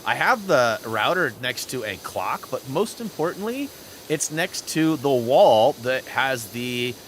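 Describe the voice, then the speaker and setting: A man's voice: mid-range voice, unhurried, a little hiss or hum. A man hosting a gaming channel, telling rambling stories over gameplay into a headset mic, reading chat as he goes. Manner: rambling storyteller, animated, reads chat aloud. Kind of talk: chatty gameplay commentary.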